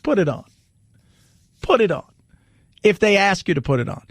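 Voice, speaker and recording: A man's voice: sits high, animated, moderate pace, gravelly, pauses often, no room sound, studio quality. A man hosting a talk radio show, riffing animatedly in casual commentary and repeating lines for emphasis.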